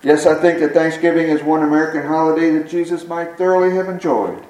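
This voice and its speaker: A man's voice: fairly high pitch, fast talker, darkish tone. A man preaching a sermon, reading scripture and telling an anecdote in an earnest storytelling delivery. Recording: echoey room, mic at a distance.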